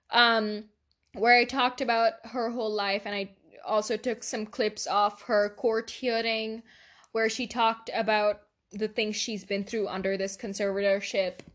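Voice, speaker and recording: A woman's voice: on the high side, fairly even intonation, moderate pace, fairly bright tone. A teenage girl hosting a casual solo podcast, chatty, swearing a lot and laughing often. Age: teens. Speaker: podcast host.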